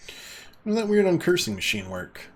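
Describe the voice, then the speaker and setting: A man's voice: high-pitched, sing-song, a little fast. A man streaming a video game, reading its dialogue aloud in playful mock-archaic voices. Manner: playful, theatrical, jokey. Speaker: let's play streamer.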